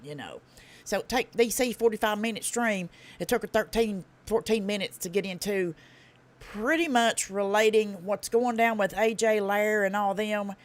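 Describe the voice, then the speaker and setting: A woman with a Tennessee Southern accent hosting a live stream, talking fast with a blunt, profane, folksy drawl. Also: mid-range voice. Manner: fast talker. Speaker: livestream host. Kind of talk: casual live-stream commentary.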